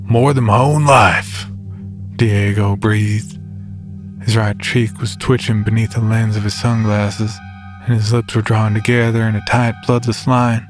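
A man giving steady, measured scripted narration of a horror story. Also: on the low side.

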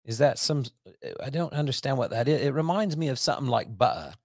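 A man's voice: mid-range voice, lively intonation, fast, gravelly, dry recording, studio quality, pitched above the performer's own voice. A man voicing a fussy, rambling male customer on a prank call, in a put-on British accent. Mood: confused. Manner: rambling, silly, mock-posh. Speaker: prank caller.

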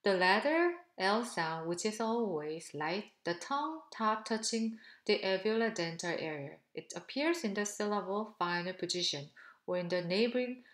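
A woman teaching pronunciation, speaking slowly and deliberately and repeating syllables for learners to copy. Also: mid-range voice, lively intonation, fairly bright tone, reverberant. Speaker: language teacher. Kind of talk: pronunciation drill lesson.

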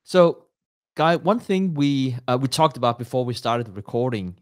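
A man's voice: mid-range voice, animated, moderate pace. A man hosting a podcast, setting up a long question in a hesitant, searching way. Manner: hesitant, many restarts and fillers while framing a question. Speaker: podcast host. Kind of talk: casual interview question.

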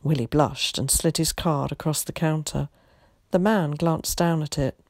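Brief: female teacher, story read-aloud, gravelly edge, dry close sound. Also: deep voice, lively intonation, normal speed, darkish tone, dry recording.

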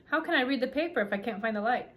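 A woman's voice: on the high side, lively intonation, rapid-fire, lightly acted. A woman reading aloud and voicing a tiny, fussy, pompous male king who talks in a raised, peevish way.

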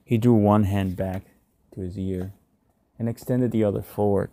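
A man narrating a short story in a measured, subdued way. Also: fairly low pitch, steady tone, mellow, no room sound. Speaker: reader.

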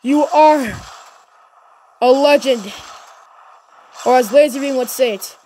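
Girl with a really high voice yelling and cheering her way through a game, super hyped, faint hum behind. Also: takes it slowly. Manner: energetic, shouts encouragement and cheers. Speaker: gaming channel host. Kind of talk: excited gameplay commentary.

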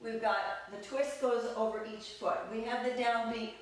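A woman's voice: a little high, level tone, normal speed. A woman teaching a belly dance class, counting steps aloud in an upbeat, playful way and laughing often. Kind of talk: live online dance class instruction. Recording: echoey room, mic far off.

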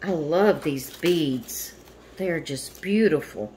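Slow-talking gushing woman vlogger. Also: deep voice, animated, mellow. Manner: gushing, repeatedly thanking and exclaiming. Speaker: vlogger unboxing a doll. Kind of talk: casual unboxing chat. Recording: noisy home recording. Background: household noise, dog barking.

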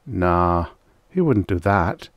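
A man voicing a nervous young male hunter who keeps talking himself into calm. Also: deep voice, slow, no room sound, full character voice.

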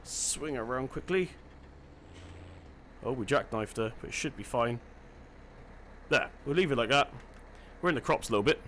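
A man's voice: mid-range voice, lively intonation, moderate pace, long pauses, a bit bright, a little hiss or hum. A man giving casual let's-play commentary, chatty and self-deprecating, thinking aloud as he plays. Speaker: gaming channel host.

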